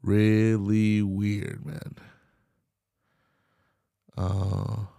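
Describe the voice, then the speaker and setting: Man, young adult, slangy swearing chatter, gravelly, deep-ish. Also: level tone, drawn-out words, dark tone, no echo, clean studio sound. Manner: loose, swearing, slangy rambling with laughs. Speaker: podcast host. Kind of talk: casual solo commentary.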